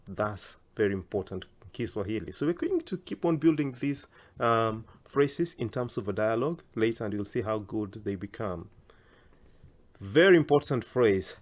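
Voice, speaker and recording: Man slowly teaching language phrases. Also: mid-range voice, lively intonation. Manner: slow, careful pronunciation drills with rising question intonation. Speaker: Swahili teacher. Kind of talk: language lesson.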